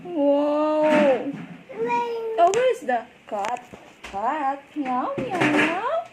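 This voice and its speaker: A woman's voice: sits high, very animated, very slow, very noisy. A woman, coaxing and playfully baby-talking to a little child in a home video. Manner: sing-song baby talk, coaxing and playful. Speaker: mother or caregiver filming a baby. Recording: home video with loud background music.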